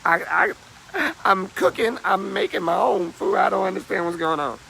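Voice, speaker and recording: Guy playing whiny church lady complaining, high bright voice, rambling n confused. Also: lively intonation, normal speed, creaky, slight background noise, exaggerated voice. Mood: aggrieved. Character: frustrated churchgoing woman, jealous, complaining.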